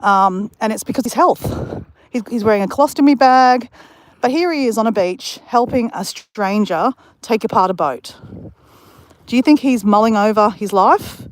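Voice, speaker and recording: A woman's voice: a little high, normal speed. A woman hosting a casual livestream from outdoors near a beach, telling rambling stories and talking straight to her viewers. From Australia. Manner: rambling, storytelling, addresses her chat viewers directly. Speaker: livestream host. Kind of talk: casual live-stream chat.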